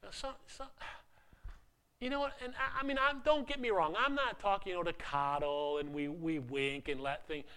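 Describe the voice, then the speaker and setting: Preaching casually with many repeated starts and self-mocking jokes, this pastor has a high-pitched, pushed, bright voice with a clean tone. He speaks at normal speed with fairly even intonation.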